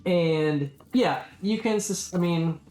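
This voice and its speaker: A man's voice: high voice, slow, darkish tone, echoey room, faint music behind. A man narrating as game master of a tabletop game, hesitant, with many ums and restarts.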